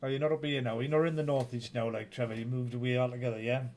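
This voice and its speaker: A man's voice: medium pitch, flat delivery, very fast, darkish tone. Chatty Northeast English man. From Northeast England. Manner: banters with viewers, rambling and teasing. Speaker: live-stream host. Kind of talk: casual live-stream chat.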